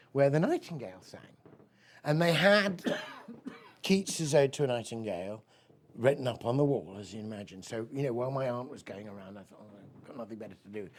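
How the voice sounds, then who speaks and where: A man giving a talk, rambling and enthusiastic, telling a personal story and reading poetry aloud. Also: medium pitch. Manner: rambling, enthusiastic, many fillers. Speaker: speaker at a weekend of talks.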